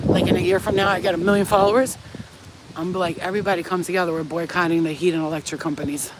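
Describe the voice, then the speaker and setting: A woman's voice: fairly low pitch, a little hiss or hum, low-quality recording. A woman vlogger ranting casually and bluntly at home, swearing freely and getting heated about bills and neighbors. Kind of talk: casual rant to camera. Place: rented house, indoors.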